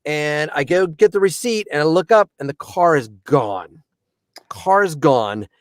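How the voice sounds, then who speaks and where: A man telling a stand-up style story on a podcast, animated, in punchy short sentences and acting out characters. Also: a little high, measured pace, no echo, studio quality. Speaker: comedian and voice actor.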